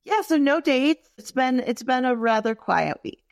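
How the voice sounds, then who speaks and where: A woman candidly telling personal stories in a frank, expressive way, full of fillers and asides. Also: high voice, normal speed, dry recording, clean studio sound.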